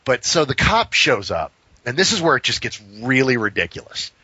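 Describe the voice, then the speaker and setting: A man, a podcast co-host, tells a long story in casual talk. He is animated and profane, and he acts out each person in it. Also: medium pitch, normal speed, husky, no room sound. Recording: slightly dull, dry recording.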